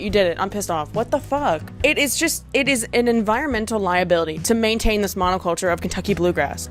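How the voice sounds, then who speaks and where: A young woman ranting to camera in a sarcastic, profane, exasperated commentary vlog, breaking into laughs. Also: mid-range voice. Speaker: video essayist.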